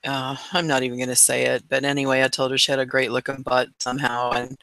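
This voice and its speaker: A woman's voice: rumbling low, flat delivery, quick pace, a bit bright, no room sound. A woman hosting a casual live stream chat, chatty and laughing often.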